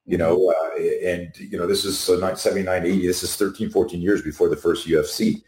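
A middle-aged man, a self-defense instructor guesting on a video call, telling animated stories and acting out the people he quotes. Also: low-pitched, a little fast, a little hiss or hum. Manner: animated anecdotes, acts out quotes. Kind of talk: storytelling in an interview. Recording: echoey room.

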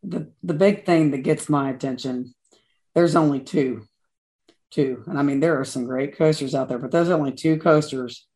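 A man co-hosting a podcast in casual chat, eager and quick to laugh. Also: on the high side, a little mellow. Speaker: podcast co-host.

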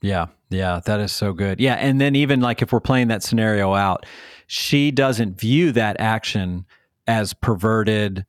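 A man with a somewhat low voice co-hosts a podcast, backing up his partner with steady affirmations. He talks in an encouraging way and sometimes trails off and starts his thought again. The sound is dry and close to the mic. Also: a little slow, clear, resonant tone, no room sound. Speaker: podcast co-host. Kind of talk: casual conversational podcast.

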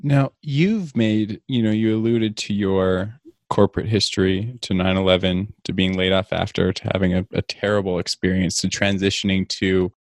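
A man hosting an interview, asking long, deliberate questions in a measured way. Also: on the low side, no echo, clean studio sound. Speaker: interview host.

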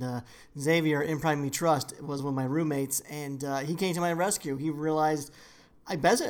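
A man co-hosting a podcast, chatting casually and telling rambling stories with lots of fillers. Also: a little high. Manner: rambling, laid-back storytelling. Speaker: podcast co-host. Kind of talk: casual chat.

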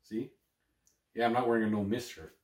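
A man's voice: lowish voice, fairly even intonation, brisk, recorded from a distance. A man co-hosting a podcast, bantering casually, joking, swearing and laughing often. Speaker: podcast co-host. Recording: roomy sound from off-mic.

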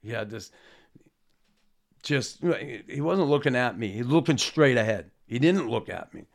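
Gravelly-voiced man telling old stories. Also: medium pitch, expressive. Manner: rambling, halting, with frequent restarts and fillers; swears casually, self-deprecating. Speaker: former hockey player telling stories. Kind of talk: casual storytelling.

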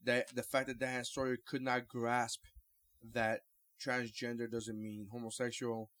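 A man's voice: mid-range voice, completely flat delivery, measured pace, a bit bright, no echo. A man in casual podcast chat, rambling, blunt and joking.

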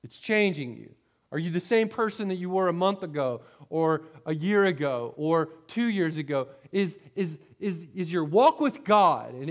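A middle-aged man from Florida, a pastor preaching a sermon, telling a personal story in a conversational way, often repeating words and checking in with the congregation. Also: high voice. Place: church sanctuary.

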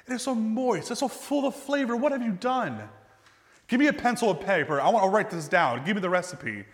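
A flustered old grandmother, as a male preacher puts her on, squeals in a voice pitched far above his own, gushing in breathless bursts. Long church reverb trails each line. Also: sing-song, brisk. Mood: amazed, gushing. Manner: high, breathless, gushing exclamations. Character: flustered elderly grandmother raving over a cake.

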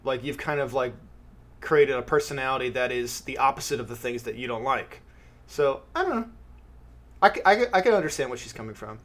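A man's voice: mid-range voice, expressive, a little fast, a bit bright. A man in casual conversation about a film, chatty, laughing easily and questioning his co-host. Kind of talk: casual film review chat.

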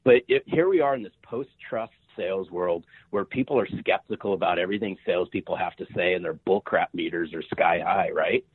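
A sales author in his fifties guests on a podcast, his low, breathy voice coming quick and almost without pauses over a dry, tinny phone line. He talks with energy and emphasis, repeats words, and often asks "right?"

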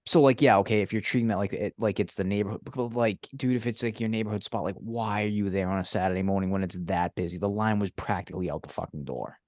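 A man's voice: on the low side, fast talker, few pauses, no echo, clean studio sound. A young man, co-hosting a casual podcast, telling stories profanely and acting out exasperated quotes. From Massachusetts. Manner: animated, profane storytelling with mock-incredulous quotes. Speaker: podcast co-host. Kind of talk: casual chat.

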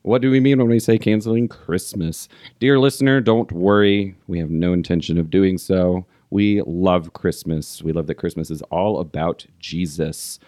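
A man's voice: sits low, fairly even intonation, moderate pace, mellow, dry recording, studio quality. A man hosting a Christian podcast, running a lyric quiz with playful, mock-stern banter. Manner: teasing, mock-stern quizmaster.

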